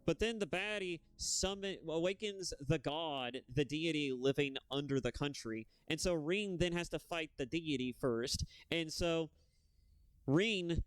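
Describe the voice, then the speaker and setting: A young man rants on a casual gaming stream, profane and heated, his talk rambling from one point to the next. His voice sits a little high and sounds smooth and clean. The close mic catches it dry, with no room sound. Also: a little slow, no echo.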